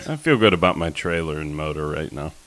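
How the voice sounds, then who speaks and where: An easygoing man asks his guest questions. His voice is very deep. He keeps a relaxed, conversational tone. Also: quick pace.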